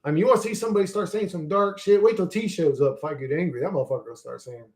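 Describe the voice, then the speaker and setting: A young man ranting profanely on a live stream, reading chat aloud and swinging between loud outbursts and low mutters. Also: very fast. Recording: echoey room.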